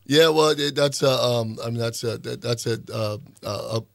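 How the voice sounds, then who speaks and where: A man's voice: mid-range voice, normal speed, creaky, fairly bright tone, no room sound, clean studio sound. An older man, a former boxer, talking in a casual chat and stumbling over his words as he recalls old fights. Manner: hesitant, many fillers and restarts.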